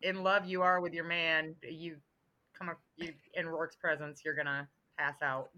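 A woman's voice: deep voice, flat delivery, normal speed, pushed and bright, highs cut off. A woman joining a casual book chat as a guest, with a sarcastic, joking manner.

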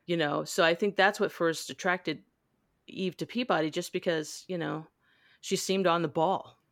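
A woman hosting a casual book discussion, talking in a halting way with lots of fillers. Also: lowish voice, fairly even intonation, fairly bright tone, no room sound, studio quality. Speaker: podcast host. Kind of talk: casual book-club chat.

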